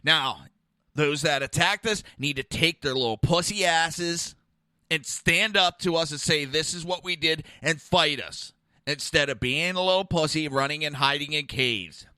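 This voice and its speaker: A man's voice: fairly high pitch, measured pace, sharp tone, smooth, dry recording, clean studio sound. A man hosting a podcast, delivering an aggressive, profane, mocking political rant. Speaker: podcast host.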